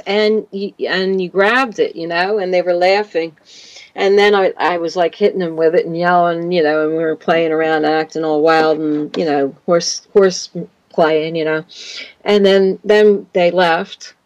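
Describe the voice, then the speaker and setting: A woman's voice: on the low side, steady tone, measured pace, darkish tone, no room sound, dull audio. A woman guest on a radio interview, telling a long personal story in a rambling way, often saying "you know" and "like". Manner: rambling, repeats words, says "you know" and "like".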